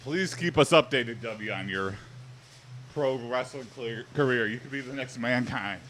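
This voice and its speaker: A man's voice: mid-range voice, measured pace, a bit bright, slight background noise. A young man from Southeast Michigan chatting casually on a live stream, reacting to chat with rambling, jokey asides.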